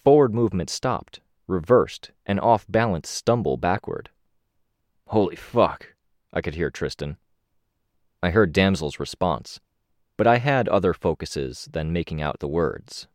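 A man with a very low voice reads a first-person action story as an audiobook narrator. His delivery is steady and measured, lifting slightly on the action beats. The recording is dry and close, with no room sound. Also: dry recording.

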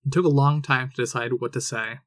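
A man narrating a fan audiobook in a measured storytelling manner. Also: medium pitch, steady tone, dry recording.

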